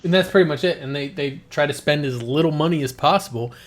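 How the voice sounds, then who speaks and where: A man hosting a casual gaming podcast, talking in an animated way, swearing freely and laughing as he talks. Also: on the high side, fast talker. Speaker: podcast host.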